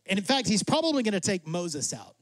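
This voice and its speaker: A man preaching with a high voice and lots of energy. He acts out God and Moses in quick asides. The sound is dry and close. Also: very animated, dry recording. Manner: drops to a soft, low voice for emphasis. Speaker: pastor. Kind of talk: sermon.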